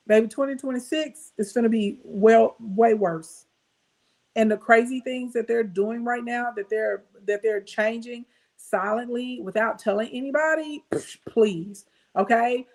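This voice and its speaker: Chatty middle-aged American woman coaching viewers. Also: on the high side. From United States. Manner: emphatic, chatty, calls listeners "baby" and "y'all". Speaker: business coach and livestream host. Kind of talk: casual livestream talk to viewers.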